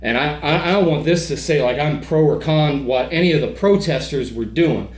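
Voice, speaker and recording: A man's voice: fairly high pitch, moderate pace, reverberant. A man talking as a podcast guest in casual conversation, heated, emphatic and profane.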